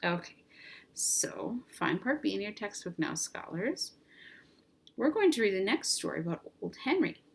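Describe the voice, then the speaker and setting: A woman teacher giving an online reading lesson, reading out vocabulary words slowly and prompting children at home to repeat them. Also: medium pitch, sing-song, a little hiss or hum. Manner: slow, clear word drills with prompts.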